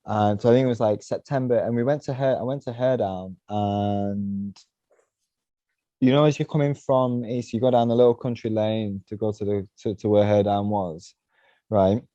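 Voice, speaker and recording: This podcast guest, a mountainboarder, rambles through casual stories while leaning on "you know" and "right?". His lowish, mellow voice keeps a moderate pace, with no echo and the highs cut off.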